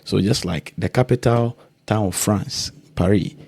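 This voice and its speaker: A man hosting a ministry channel, introducing a testimony video in a plain, measured way. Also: lowish voice, gravelly, a little mellow, husky, dry recording.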